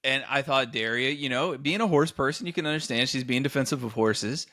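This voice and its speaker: A man hosting a podcast, telling an office story in a lively, animated way and acting out the quotes. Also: medium pitch, fairly quick, no room sound, studio quality. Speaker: podcast host. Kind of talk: casual chat, storytelling.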